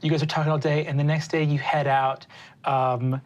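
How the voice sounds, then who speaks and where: A woman narrating as game master, moving quickly between narration and character voices. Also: low voice, flat delivery.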